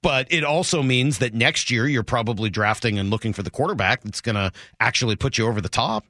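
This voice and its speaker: A man co-hosting sports talk radio, arguing his side with quick pushback. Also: medium pitch, animated, sharp tone, no room sound, clean studio sound.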